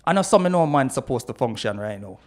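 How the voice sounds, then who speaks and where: A man's voice: medium pitch, expressive, fairly quick. Jamaican man questioning hard in commentary. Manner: questioning, emphatic, repeats "you know". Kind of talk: opinionated commentary.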